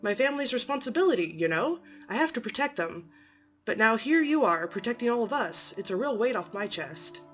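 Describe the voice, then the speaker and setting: A woman's voice: on the high side, very animated, brisk, a bit bright, faint music behind. A woman voicing a grateful, devoted anomalous being who provides for its family, talking effusively and emotionally. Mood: earnest.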